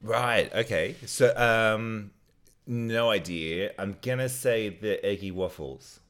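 A man's voice: on the low side, slow pace, fairly bright tone. A man co-hosting a casual podcast, working through quiz answers in an easygoing, chatty way. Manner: easygoing, laughs often, thinks aloud. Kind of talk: casual chat.

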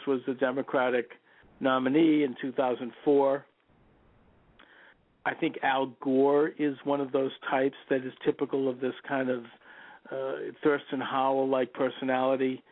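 A male radio talk show host delivers an opinionated political monologue, hitting names with sudden pitch jumps and leaning on "you know." The line sounds tinny and phone-like, dry with no echo.

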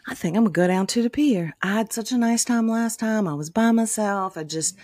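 A woman, co-hosting a podcast and telling animated, profane stories with lots of laughter. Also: mid-range voice, brisk, no echo, studio quality. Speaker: podcast co-host. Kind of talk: casual storytelling chat.

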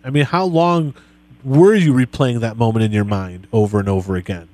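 A man hosting a podcast interview, talking in a relaxed, friendly way as he asks his guest questions. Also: mid-range voice, normal speed, no room sound. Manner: relaxed, friendly, reads quotes back to the guest. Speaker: podcast host. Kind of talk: conversational interview.

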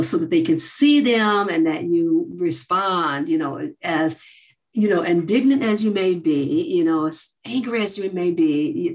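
Middle-aged woman guest, lowish pitch, earnest and measured, filler-heavy. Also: rough recording. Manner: earnest, measured, frequent "you know" fillers. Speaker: researcher guest. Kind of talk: interview answers.

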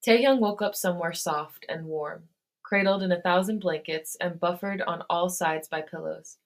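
Woman host, fan fiction reading, steady and lowish. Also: normal speed.

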